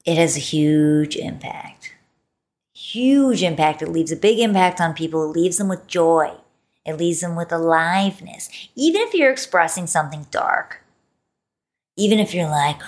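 Expressive woman podcast host, lowish voice. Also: unhurried. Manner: expressive, playful, stretches words for emphasis. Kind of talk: solo podcast talk.

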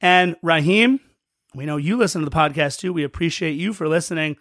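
Higher-pitched dude recapping a match on a podcast, chatty, dry close sound. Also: male voice, fairly quick, fairly bright tone, no echo. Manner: chatty, play-by-play storytelling. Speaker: podcast co-host.

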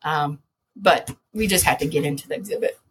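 A woman, a podcast guest, telling an animated story with lots of laughter, sudden loud shouted quotes and many restarts. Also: deep voice, brisk, breathy edge. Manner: lively, laughing, jumps to loud shouts when quoting herself.

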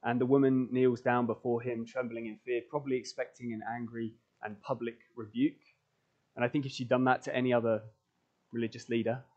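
A man's voice: medium pitch, a little mellow, dull audio. A man preaching a sermon in church, earnest and building emphasis through repeated phrases. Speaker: pastor. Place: church, recorded for online stream.

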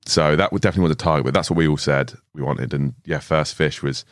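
A young man in his twenties with an extremely low, rumbling voice tells stories in a podcast studio. His delivery is relaxed and full of swearing, with laughs breaking through. The sound is close and dry, with no room echo. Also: fast talker. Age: 20s. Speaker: podcast guest. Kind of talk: casual storytelling chat.

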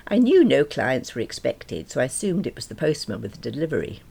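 A woman with a low, gravelly voice reads a diary-style novel aloud in a dry, wry, self-deprecating way. Her pitch moves very expressively and her tone has a husky grain. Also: very animated, a little fast, mellow. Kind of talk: audiobook reading of a diary novel.

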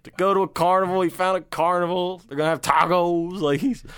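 A man's voice: sits high, steady tone, fairly quick, a bit bright, clean tone. A man co-hosting a casual movie chat, earnest and rambling, with lots of "like". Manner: earnest, rambling, many fillers. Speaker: podcast co-host.

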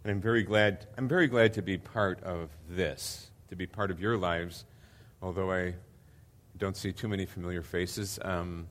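A man's voice: low-pitched, steady tone, moderate pace, fairly bright tone. An older man preaching as a visiting pastor, earnest and hesitant with many fillers, building to emphatic repetition. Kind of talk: sermon.

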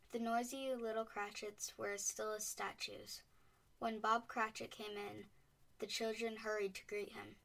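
A woman reading a storybook aloud in a clear, expressive way. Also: mid-range voice. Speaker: narrator. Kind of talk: storybook narration. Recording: voice a bit distant from the mic.

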